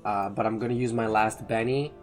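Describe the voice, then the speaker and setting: A man's voice: on the low side, fairly even intonation, fairly quick, darkish tone, faint music behind. A man playing a tabletop game, talking casually with earnest stammering restarts. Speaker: player.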